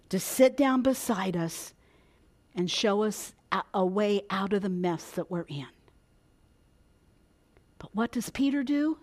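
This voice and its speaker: A woman's voice: medium pitch, lively intonation, takes it slowly, pauses often, a little mellow. A woman preaching a sermon, dramatic, dropping to a whisper and rising for emphasis.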